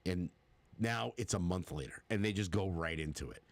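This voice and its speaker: A man's voice: low voice, expressive, moderate pace, dry recording. A man co-hosting a podcast, chatting casually and rambling with plenty of fillers. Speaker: podcast co-host. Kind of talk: casual movie chat.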